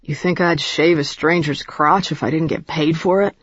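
A woman's voice: sits low, steady tone, moderate pace, breathy edge, dry recording, muffled recording. A woman reading as a sullen male club dancer. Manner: sullen, curt.

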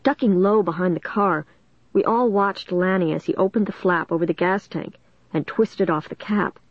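A woman's voice: lowish voice, normal speed, no echo, dull audio. Woman reading a suspense story. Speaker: audiobook narrator. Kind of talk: first-person storybook narration.

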